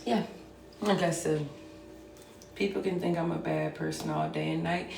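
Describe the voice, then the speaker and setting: A woman venting on a casual livestream, rambling and emotional, at times breaking into loud outbursts. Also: on the low side, level tone, normal speed, gravelly. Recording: roomy sound, far from the mic.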